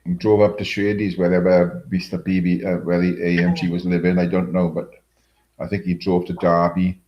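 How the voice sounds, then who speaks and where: A man's voice: low-pitched, monotone, normal speed, dull audio. A middle-aged man hosting a casual livestream chat, rambling, swearing often and chuckling as he reads comments. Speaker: livestream host.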